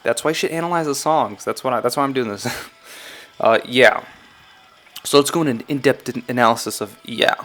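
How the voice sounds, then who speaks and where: A man talks loosely through song lyrics for his channel, in a mid-pitched, unhurried voice. He drifts between thoughts, corrects himself mid-sentence and keeps sounding unsure of his own readings. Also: fairly bright tone, faint music behind. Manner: rambling, self-correcting, often unsure. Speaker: YouTuber analyzing game song lyrics. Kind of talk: casual commentary vlog.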